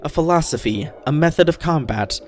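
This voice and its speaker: A man voicing a ponderous living stone statue man who speaks of himself in the third person, read slowly from a game. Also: a little high, lively intonation, a little mellow, pitched above the performer's own voice, close to an everyday voice. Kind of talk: reading game dialogue aloud.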